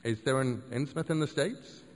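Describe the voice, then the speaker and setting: A man's voice: mid-range voice, normal speed, big-room sound, slight background noise, lightly acted. A man voicing a young, polite visitor who sounds hesitant and puzzled.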